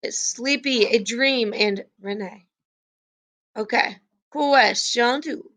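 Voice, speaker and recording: A woman's voice: fairly high pitch, slow, fairly bright tone. A woman teacher chatting with her class and reading quiz questions aloud in a live online review.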